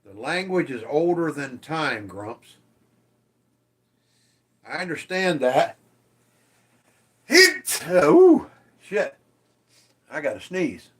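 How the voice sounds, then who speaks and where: A man's voice: on the high side, lively intonation, slow, long pauses. A man hosting a casual livestream, reading viewer comments aloud and teasing them, swearing freely. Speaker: livestream host.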